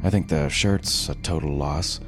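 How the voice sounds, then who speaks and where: A man voicing a kind male coworker who urgently soothes and calms a distraught colleague. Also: low voice, moderate pace, close to an everyday voice. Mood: sheepish. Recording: reading with music underneath.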